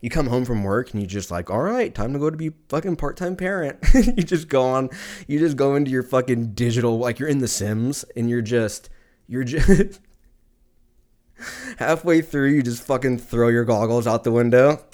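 A man hosting a casual solo podcast, talking in a loose, rambling way. He swears freely, laughs at his own jokes and drifts from one thought to the next. His voice sits at an ordinary middle pitch. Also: normal speed, a little mellow. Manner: rambling, profane, laughs often. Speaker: podcast host. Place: lives in Texas.

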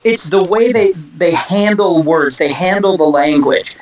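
A man's voice: high-pitched, expressive, a little slow, a little hiss or hum, low-quality recording. A man talks music in a loose, rambling way. He doubles back on his words, restarts his sentences and tells long stories with plenty of asides. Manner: rambling storyteller, many restarts. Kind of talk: casual chat.

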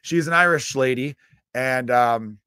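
A man's voice: mid-range voice, moderate pace, pushed and bright, smooth, dry recording. An American man hosting his podcast, talking in a rambling, self-deprecating comedic monologue with plenty of swearing. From United States. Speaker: podcast host.

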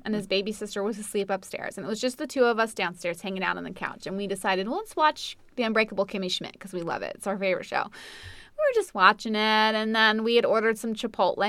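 A woman's voice: medium pitch, pushed and bright, no room sound. A woman co-hosting a casual chat. She tells a family story and reacts eagerly, laughing often.

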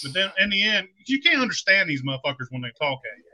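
Bright-voiced profane storytelling man. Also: high voice, quick pace, poor audio. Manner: profane, animated storyteller, acts out quotes. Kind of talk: casual podcast chat, storytelling.

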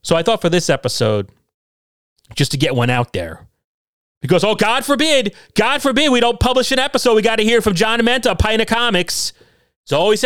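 A man's voice: extremely high pitch, lively intonation, a little fast, a bit bright, smooth, dry recording, studio quality. A middle-aged man hosting a solo podcast from his basement, talking in a sarcastic, combative and self-deprecating way. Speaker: podcast host. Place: home basement.

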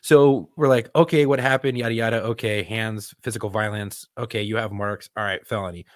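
Profane animated man telling a cop story. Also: fairly low pitch, brisk, no room sound, studio quality. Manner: profane, animated retelling with quoted voices. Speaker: podcast co-host, police officer. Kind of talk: casual storytelling.

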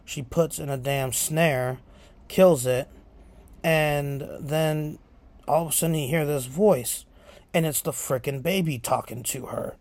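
A man hosting a podcast, casually retelling horror film scenes in a profane, animated way. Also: on the high side, unhurried. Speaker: podcast host.

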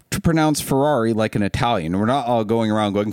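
A man's voice: lowish voice, fast, smooth, no room sound, studio quality. A middle-aged man from Ohio co-hosting a podcast, telling self-deprecating stories in casual chat. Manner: animated, self-deprecating storytelling. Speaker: podcast co-host.

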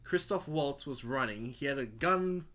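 A co-host in a casual film chat, chiming in with quick, playful remarks. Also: medium pitch, expressive, a bit bright. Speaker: podcast co-host. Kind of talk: casual chat about films.

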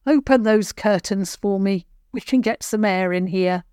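A woman voicing a gruff, blunt old village woman who grunts and speaks abruptly. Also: medium pitch, unhurried, darkish tone, no room sound, clean studio sound, close to an everyday voice. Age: older.

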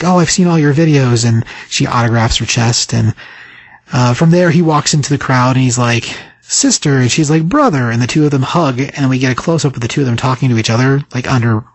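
A man's voice: mid-range voice, no echo, poor audio. A man casually retelling a story scene by scene, rambling with many fillers and restarts. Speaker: recapping a story. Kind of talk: casual retelling with quick voiced quotes.

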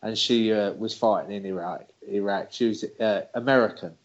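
A man co-hosting a casual podcast and telling stories in a chatty, relaxed way, swearing now and then. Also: on the low side, normal speed. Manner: chatty storyteller, laughs often, swears. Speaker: podcast co-host. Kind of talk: casual chat. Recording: slightly dull lo-fi recording.

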